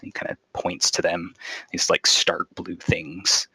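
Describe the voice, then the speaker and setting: Deep-voiced man narrating a tabletop game. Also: level tone, measured pace, gravelly, pushed and bright, slightly rough, no room sound, low-quality recording. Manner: casual, filler-heavy narration. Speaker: game master.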